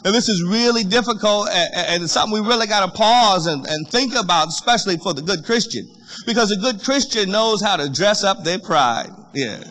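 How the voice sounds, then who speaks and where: High, bright-voiced man preaching. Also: a little fast, low-quality recording. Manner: animated, repeats words, calls on the congregation. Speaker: pastor. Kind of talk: sermon.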